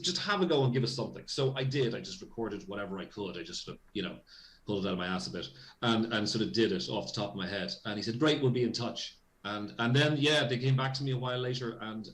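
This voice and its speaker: Fast-talking Irish man telling a story. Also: fairly low pitch. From Ireland. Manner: rambling, self-interrupting, acts out quoted dialogue. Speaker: voice actor guest. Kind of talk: anecdotal interview storytelling.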